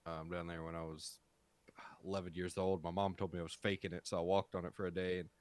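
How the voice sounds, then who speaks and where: A man's voice: sits low, little pitch movement, fast talker, dry recording. A man co-hosting a podcast in a casual, laid-back way, chiming in with short remarks and his own stories. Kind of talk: casual chat.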